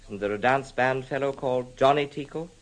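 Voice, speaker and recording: An actor playing an anxious, formal gentleman worried about his look-alike cousin, in an old radio drama. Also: mid-range voice, a little fast, natural voice, rough recording. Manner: hesitant, earnest, formal. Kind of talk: 1950s radio drama acting.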